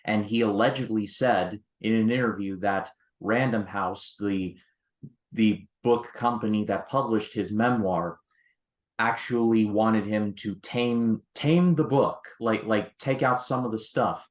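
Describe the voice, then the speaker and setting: A man's voice: on the low side, a little slow. A man co-hosting a casual film discussion, making wry, joking asides. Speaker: film review co-host. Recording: echoey room.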